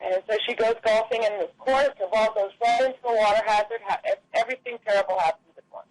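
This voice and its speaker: A woman telling a run of jokes at a small comedy show, in a loose, halting storytelling style. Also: fairly high pitch, no room sound, rough recording. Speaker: stand-up comic. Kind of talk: telling jokes at an open mic.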